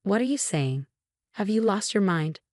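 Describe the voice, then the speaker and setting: A woman's voice: medium pitch, lively intonation, normal speed, a little mellow, no room sound, clean studio sound, natural voice. A woman voicing an angry, condescending husband with a ranting, scornful delivery.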